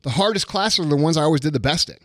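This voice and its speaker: Guy in his 30s ranting on his podcast, swears constantly, fed up, highish voice, dry sound. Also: animated, rapid-fire, a bit bright, dry recording. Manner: profane, fired-up, frustrated. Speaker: podcast host. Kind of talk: casual ranting talk.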